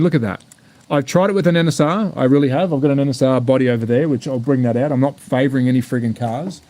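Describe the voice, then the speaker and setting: A man's voice: fairly high pitch, mellow. Sweary Australian man, casual and blunt. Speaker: slot car channel host. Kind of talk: casual live-stream unboxing chat.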